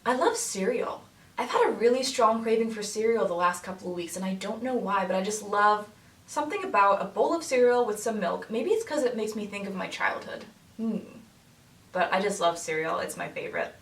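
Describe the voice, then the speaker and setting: A young woman talks casually to her viewers in a friendly, chatty way and laughs often. Her voice sits at an ordinary pitch and comes from a little way off the mic. The room echoes noticeably, with a faint hiss underneath. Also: brisk, fairly bright tone, distant mic. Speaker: makeup artist vlogger. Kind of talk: casual chat to camera.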